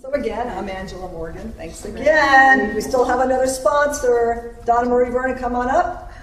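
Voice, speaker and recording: A high-voiced woman breezily introduces speakers at an event. She sits far from the mic in an echoey room, with steady noise behind her. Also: moderate pace. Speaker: event host.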